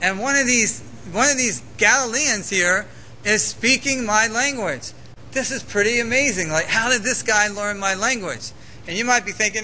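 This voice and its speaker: A man preaching a sermon as pastor, animated and conversational, with frequent "okay?" asides. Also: sits high, moderate pace, slight background noise, poor audio.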